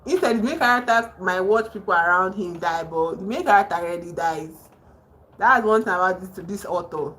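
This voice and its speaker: A woman hosting a casual livestream, excitedly retelling a novel's plot with emphatic outbursts. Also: lowish voice, brisk, rough recording. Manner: excited, emphatic storytelling with sudden exclamations. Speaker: livestream host. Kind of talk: casual livestream chat about a book. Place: home.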